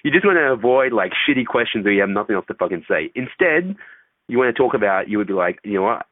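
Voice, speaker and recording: This guest dating coach talks fast in a medium-pitched voice with big pitch swings, keeping the interview casual as he swears and acts out phone calls. The sound is dry and tinny, like a phone line.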